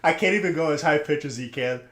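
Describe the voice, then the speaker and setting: Fast and fairly high-pitched, with a fairly bright tone, a young man hosts a trading card pack-opening live stream alone in a room. He rambles through casual chat and teases the people watching.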